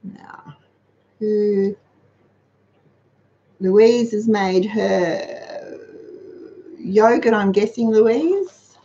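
A woman's voice: mid-range voice, extremely slow, long pauses, dark tone, muffled recording. A middle-aged woman hosting a casual live chat, practical and talkative as she answers viewers. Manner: chatty, practical, reads out viewer comments. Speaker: host of a money-saving livestream.

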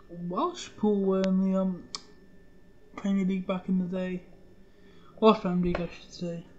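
A woman's voice: medium pitch, dark tone, highs cut off, slight background noise. A woman giving casual let's-play commentary, rambling and muttering to herself and swearing now and then. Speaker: gaming channel host.

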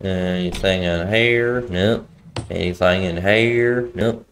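A man's voice: low-pitched, slow, a bit bright, a little hiss or hum. A man casually commenting while playing a horror game, muttering jokey reactions as he explores. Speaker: gaming video host. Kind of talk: casual let's-play commentary.

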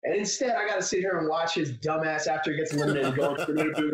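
A man's voice: a little high, fairly even intonation, quick pace, few pauses, roomy sound, low-quality recording. A man guest on a casual podcast, talking brashly, swearing freely and doing impressions of people.

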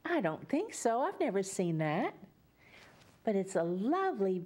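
At story time, a woman from Louisiana with a Louisiana accent tells a children's story in a mellow, sing-song lilt that swoops up and down, coaxing young listeners to join in. Her medium-pitched voice is slightly rough and very animated, yet she stays gentle and unhurried.

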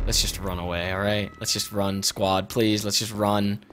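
A man's voice: fairly low pitch, pushed and bright. A young man streaming a video game, swearing, laughing and chatting with a friend. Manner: profane, laughing, exclaiming at the game. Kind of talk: casual gaming chat with a friend. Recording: noisy stream audio.

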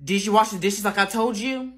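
A man's voice: sits high, steady tone, a little fast, pushed and bright. A man doing a curt, demanding mom. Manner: curt, questioning. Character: strict, demanding mother. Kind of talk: comedy skit, one performer plays everyone.

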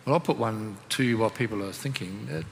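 A man's voice: lowish voice, fast talker, vocal fry. An Australian man moderating a panel discussion, easygoing and fond of telling anecdotes. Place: conference hall. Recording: reverberant hall with faint room noise.

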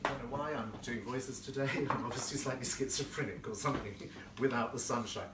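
Camp, gushing male host for a live kitchen stream, mid pitch, roomy and distant, with cutlery clatter behind. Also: a little fast, heavy background noise. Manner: camp, effusive, chatty, reads out viewer comments. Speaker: florist hosting a live cooking stream. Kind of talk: casual live cooking demo. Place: home kitchen. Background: clinking cutlery and dishes.

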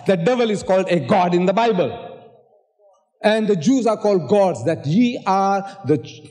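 High-voiced older man lecturing in a hall. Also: warm tone. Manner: lecturing, quotes scripture at length, sarcastic asides. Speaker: debater. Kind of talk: public debate speech. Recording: old hall recording with long reverb.

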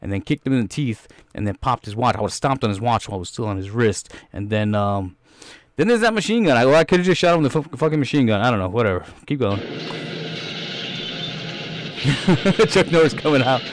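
A man hosting a podcast, reacting to a film trailer with crude, animated commentary and frequent laughter. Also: mid-range voice, fast talker, dry recording, clean studio sound. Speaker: podcast host.

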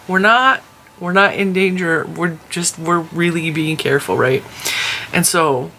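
Bright-voiced chatty tired woman. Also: on the low side, unhurried, a little hiss or hum. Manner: chatty storyteller, laughs often. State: tired, yawning. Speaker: crochet vlogger. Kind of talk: casual chat to camera.

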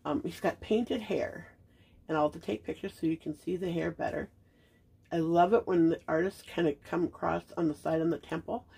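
A woman's voice: sits low, gravelly, a little mellow, breathy edge. A middle-aged woman chatting casually to viewers as she shows off baby clothes, gushing and sentimental, with frequent fillers. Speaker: reborn doll collector and channel host. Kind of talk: casual unboxing chat to viewers.

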